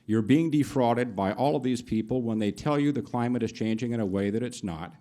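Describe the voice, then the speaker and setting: A man's voice: mid-range voice, fairly quick, mellow. A middle-aged man giving indignant, emphatic public testimony in a county board meeting room. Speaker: public commenter.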